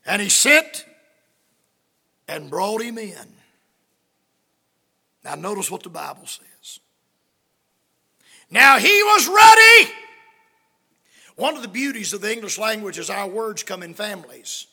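A man preaching a sermon as dramatic storytelling, swinging from hushed to shouting. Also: high voice, a little slow, gravelly, long pauses, slightly rough. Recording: long hall reverb.

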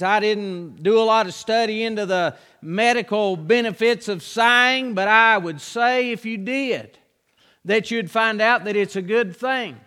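Un pastor de voz aguda predicando. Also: male voice, high voice, bright, forceful tone, smooth, long reverb tail. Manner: earnest, slow and drawn out. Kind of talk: sermon with scripture reading.

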